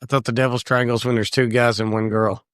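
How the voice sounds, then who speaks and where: A man's voice: mid-range voice, flat delivery, clean tone, dry recording, clean studio sound. A man co-hosting a podcast in casual chat, telling stories and playfully taking offense. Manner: chatty, quick to take offense in jest. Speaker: podcast co-host.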